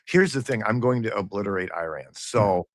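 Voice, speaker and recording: A man's voice: lowish voice, animated, fairly quick, a little hiss or hum. A man co-hosting a podcast, speaking in an earnest, indignant way during a casual political discussion. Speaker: podcast co-host.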